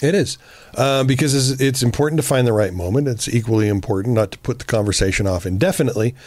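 Guy cohosting a podcast, blunt n sweary, acts out quotes, mid pitch, dry close mic. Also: quick pace, dry recording. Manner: blunt, profane, animated quoting of himself. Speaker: podcast co-host. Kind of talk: casual relationship advice chat.

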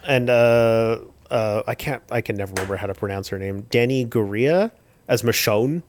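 A man's voice: medium pitch, normal speed, a little hiss or hum. A man in casual conversation, easygoing and agreeable, mostly listening and chiming in. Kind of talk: casual chat.

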